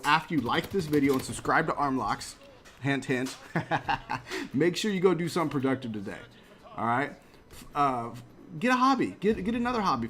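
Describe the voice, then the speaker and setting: A man's voice: mid-range voice, fairly bright tone. A man in his late thirties giving chatty, motivational commentary while playing a video game. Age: 30s. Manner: chatty, motivational, laughs at himself. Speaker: gaming channel host. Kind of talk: casual gameplay commentary.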